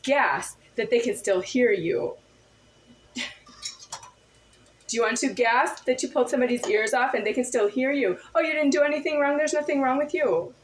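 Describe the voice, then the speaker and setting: High bright woman, echoey room. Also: normal speed, slight background noise. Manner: insistent, repetitive rhetorical questions. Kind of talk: confrontational monologue to camera.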